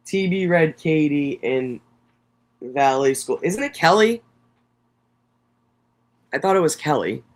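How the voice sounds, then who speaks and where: Blunt, profane New livestream host. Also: male voice, a little high, animated, slow, long pauses. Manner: reads documents aloud, then breaks off to comment. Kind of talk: casual live commentary.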